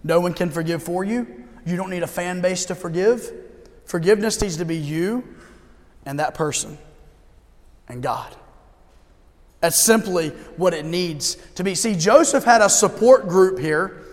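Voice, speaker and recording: High-voiced male pastor in reverberant church. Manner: conversational preaching with humor and emphatic slowdowns. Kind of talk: sermon. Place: church sanctuary.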